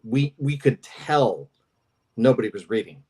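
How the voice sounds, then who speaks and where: A man, a comics artist on a podcast, playful and quick with jokes. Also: medium pitch, lively intonation, a little mellow, slightly rough. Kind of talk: casual podcast chat.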